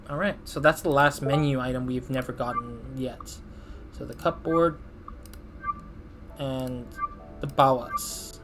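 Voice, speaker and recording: A man's voice: medium pitch, moderate pace, pauses often, a bit bright, faint music behind. A man giving casual let's-play commentary, thinking aloud and laughing at himself. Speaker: gaming channel host.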